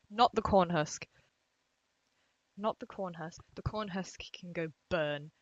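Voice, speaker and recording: A woman's voice: on the low side, a bit bright, no echo, dull audio. A young woman answering fan questions in a casual vlog, rambling and self-deprecating, recorded at home. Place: home room at her desk.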